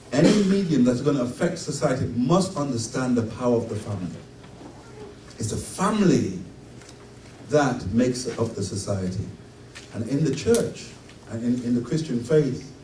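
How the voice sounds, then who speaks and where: A middle-aged man giving an emphatic sermon at a conference, his voice swelling to loud peaks. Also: medium pitch. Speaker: conference speaker. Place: conference hall. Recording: roomy hall, distant mic, faint noise.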